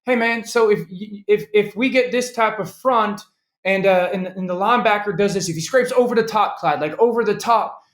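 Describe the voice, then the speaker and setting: A man's voice: high-pitched, normal speed, fairly bright tone, reverberant, pitched above the performer's own voice. A man doing an impression of a stammering, insistent quarterback with a Southern twang. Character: fast-talking Southern quarterback impression, adult man, controlling.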